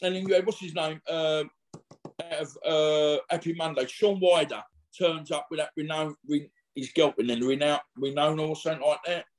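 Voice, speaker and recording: A middle-aged man talks in a rambling, slangy way, stopping and restarting as he acts out what others said. His voice sits a little higher than most men's. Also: steady tone, normal speed. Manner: rambling and slangy, full of restarts and acted-out quotes. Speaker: interview guest. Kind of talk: casual anecdotal storytelling.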